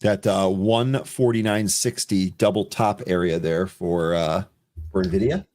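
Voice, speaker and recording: A man co-hosting a live market show, calling out tickers and price moves in quick running chatter. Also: low voice, a little mellow. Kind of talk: live trading commentary.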